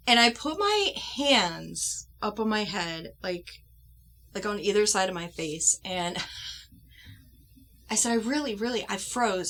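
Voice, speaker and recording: A woman's voice: on the high side, very animated, pushed and bright. Earnest woman telling a personal story. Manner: earnest and heartfelt, with pauses and restarts. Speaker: doll collector vlogger.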